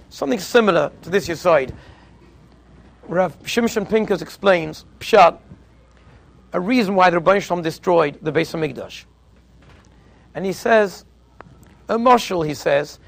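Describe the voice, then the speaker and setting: A man giving a Torah talk, telling a parable and mixing Hebrew and Yiddish terms into his English, often dropping to a quiet storytelling voice. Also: high voice, creaky.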